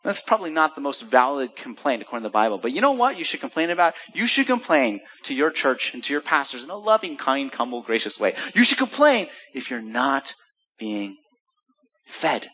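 A man's voice: medium pitch, big pitch swings, brisk, sharp tone, husky. A middle-aged American man preaching a sermon as pastor, asking his listeners rhetorical questions and mixing in jokes. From United States. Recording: long hall reverb.

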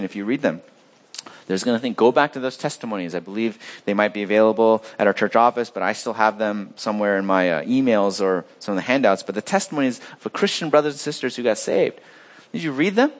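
A man preaching a sermon as pastor of his church, swinging between loud emphatic lines and quiet low asides.

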